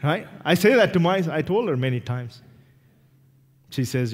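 A man from India, a pastor preaching a sermon, animated and acting out little dialogues with self-deprecating humor. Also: a little high, normal speed, pauses often, husky. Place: church sanctuary. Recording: reverberant church hall.

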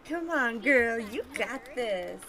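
A woman's voice: fairly high pitch, lively intonation, takes it slowly, a crowd in the background. A woman narrating her life-sim gameplay in an effusive, doting way with lots of exclamations. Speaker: gaming vlogger. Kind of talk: game commentary. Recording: music playing behind.

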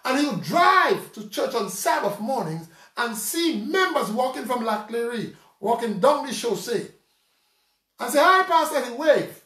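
A man from Saint Lucia with a Saint Lucian accent, preaching a lively, conversational sermon full of rhetorical questions. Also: very high voice, a little slow, recorded from a distance. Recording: roomy sound from off mic.

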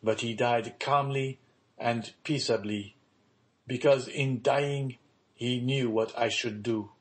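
A grave, resigned aging father in a storybook reading, as a male narrator puts him on. His slow, measured words carry a sober weight, at a middling pitch. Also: steady tone, natural voice. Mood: solemn.

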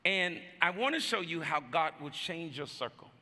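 A male pastor preaching a sermon, urging the congregation to respond out loud and shouting his exhortations. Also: a little high, lively intonation, moderate pace, big-room sound. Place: church sanctuary.

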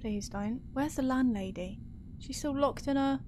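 A woman's voice: sits high, unhurried, noisy background. A woman commentating her own horror game playthrough, talking to herself, swearing and screaming when startled. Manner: jumpy, talks to herself, swears and screams at scares. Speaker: gaming streamer.

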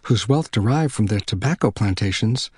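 A man narrating an audiobook in an even, unhurried storytelling manner. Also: on the low side, husky, no room sound, clean studio sound.

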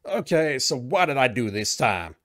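A man voicing a brash, defensive young woman police officer in a shaky put-on accent, snapping back loudly. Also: mid-range voice, big pitch swings, moderate pace. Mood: exasperated. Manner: loud, snappy, exasperated.

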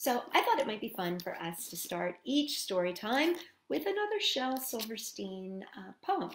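A woman hosting a children's storytime, reading poems and singing greetings in a gentle, animated way. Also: on the high side, normal speed, slight background noise. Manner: gentle and animated, talking to young kids. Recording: echoey room with guitar. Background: guitar strumming.

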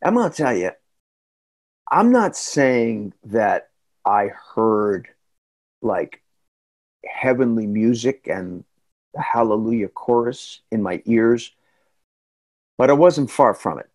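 A middle-aged man with a New England accent telling a folksy, chatty story in a casual talk, full of asides and quick questions to the listener. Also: medium pitch, lively intonation, a little mellow. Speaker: storytelling reporter and guest speaker.

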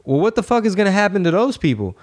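A man's voice: high-pitched, big pitch swings, fast talker. A man hosting a podcast, chatting casually and telling rambling stories full of swearing. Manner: profane, rambling storytelling. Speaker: podcast host.

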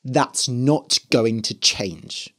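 A man's voice: medium pitch, expressive, drawn-out words, fairly bright tone, full character voice. A man voicing a defiant boy who insists he is evil, stubborn and sarcastic.

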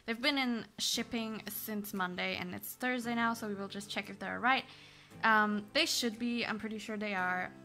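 A woman's voice: medium pitch, moderate pace, pushed and bright, faint music behind. A sleep-deprived, exhausted woman vlogging an unboxing on her phone at home, chatty and a bit apologetic. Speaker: pet vlogger. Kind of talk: casual unboxing vlog. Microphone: phone camera.

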